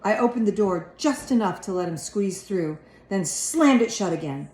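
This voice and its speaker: A woman reads a children's storybook aloud with expressive narration, her voice in a middle range. The recording has an echoey room around it. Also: medium pitch, moderate pace.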